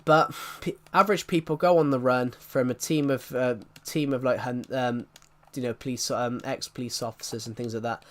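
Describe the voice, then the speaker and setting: A man's voice: medium pitch, fairly even intonation, normal speed, few pauses, fairly bright tone. A man with a Southwest English accent, a streamer chatting casually and rambling as he answers viewers' questions. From southwest England. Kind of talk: casual live-stream chat.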